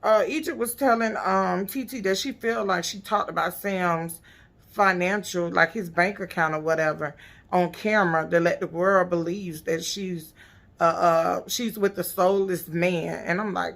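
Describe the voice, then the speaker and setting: A woman recapping a reality show in a blunt, profane, animated casual rant. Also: lowish voice, unhurried, gravelly.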